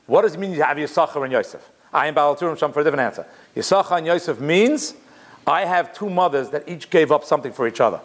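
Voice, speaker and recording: Animated man giving a Torah class. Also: fairly high pitch. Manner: animated, conversational, mixes Hebrew quotes in. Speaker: Torah teacher.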